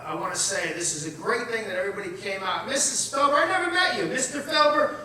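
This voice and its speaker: Talking fast in a high, bright, forceful voice, a Long Island, New York man in his 50s performs an expressive, blunt and profane comedy set full of asides. A live audience fills the comedy club or event room, and the distant, echoey recording picks up crowd noise.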